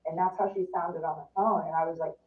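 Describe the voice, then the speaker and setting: A woman guest in a casual interview tells a story in a chatty way, speaking quickly in a lowish voice with fairly even intonation. She says "like" a lot and acts out quotes. The sound is distant, roomy, and phone-like.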